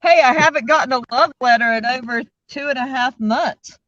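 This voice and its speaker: A woman's voice: high voice, fairly quick, fairly bright tone. A woman co-hosting a livestream, chatting casually and laughing often. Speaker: co-host of a livestream. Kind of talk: casual group chat. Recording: dull lo-fi stream audio with faint hiss.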